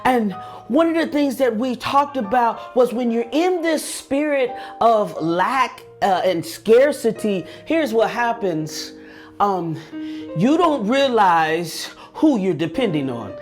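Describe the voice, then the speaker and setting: A man's voice: extremely high pitch, animated, takes it slowly, faint music behind. A man giving an earnest motivational talk with a preaching tone. He speaks straight to his listeners, repeating and restarting words as he goes. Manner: addresses listeners directly.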